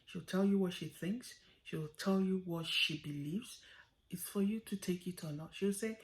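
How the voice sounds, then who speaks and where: Low-voiced woman giving an earnest tribute. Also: moderate pace. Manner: earnest and heartfelt, sometimes dropping to a whisper. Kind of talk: personal memorial tribute.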